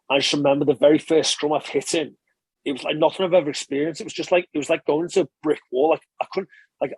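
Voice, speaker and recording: A man, a former rugby player, telling stories in a relaxed interview and chatting casually with frequent swearing and restarts. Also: a little high, husky, no room sound. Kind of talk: casual conversational storytelling.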